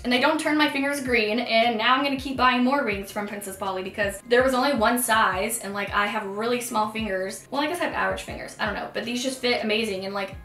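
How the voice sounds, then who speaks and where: A woman's voice: a little high, bright, forceful tone. A young woman chatting casually in a fashion try-on haul at home, rambling and joking at her own expense into a camera mic. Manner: rambling, giggly, self-deprecating. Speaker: fashion vlogger. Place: room at home. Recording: echoey room with faint music.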